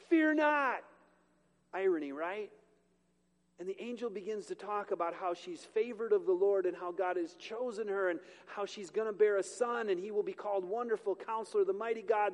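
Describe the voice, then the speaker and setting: A male pastor with a high voice preaches to his congregation in a casual, joking way, stopping now and then to fix his own slips. His voice carries with a long hall reverb around it. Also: darkish tone. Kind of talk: sermon. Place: church sanctuary with a congregation.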